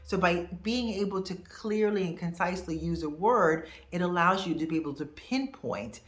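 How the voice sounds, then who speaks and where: A woman in her fifties teaching to camera in a casual, expressive, conversational way. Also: fairly low pitch, moderate pace, reverberant. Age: 50s. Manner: expressive, conversational, animated asides. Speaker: host.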